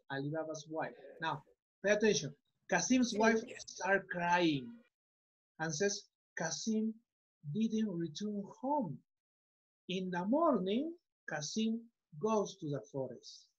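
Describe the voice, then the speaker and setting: A man's voice: sits high, expressive, unhurried, husky, lo-fi sound. A Spanish-speaking man teaching English online, giving patient, repetitive instructions through a computer mic on a video call.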